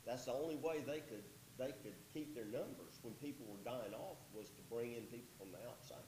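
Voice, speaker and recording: A man's voice: mid-range voice, lively intonation, normal speed, slight background noise, poor audio. A man teaching through a Bible passage, reading verses aloud and then explaining them in an easygoing, conversational way.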